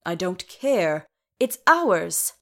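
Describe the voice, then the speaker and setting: Woman putting on a grumpy proud dwarf king, gruff and huffy, slowish. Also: lowish voice, very animated, fairly bright tone, exaggerated voice. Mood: indignant. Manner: gruff and indignant.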